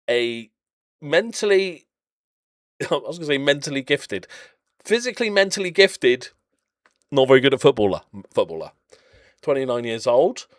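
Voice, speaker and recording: A man's voice: medium pitch, no echo, studio quality. A man casually commentating on his own game footage, chatty and jokey, rambling off into blunt little rants. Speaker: game channel host.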